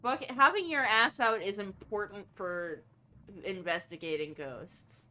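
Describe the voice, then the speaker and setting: A woman's voice: medium pitch, a little slow, sharp tone. A woman streaming a game and chatting casually, thinking aloud and swearing freely.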